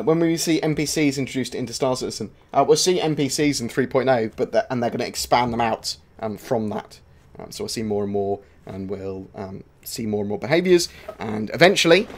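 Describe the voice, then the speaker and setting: A gaming channel host with a mid-range voice talks fairly quickly and barely pauses as he casually fields viewer questions on a livestream. He's relaxed and rambling, with many filler sounds.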